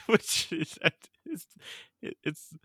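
A man's voice: high voice, sing-song, extremely slow, pushed and bright, husky, no echo, studio quality. A man co-hosting a podcast in casual chat, laughing often and trying out joke accents. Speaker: podcast co-host.

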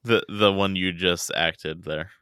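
A man's voice: deep voice, steady tone, slow, sharp tone, clean tone, no room sound. A young man from the American Midwest, co-hosting a casual podcast chat and teasing dryly between frequent laughs. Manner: laughs often, dry and teasing. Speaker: podcast co-host.

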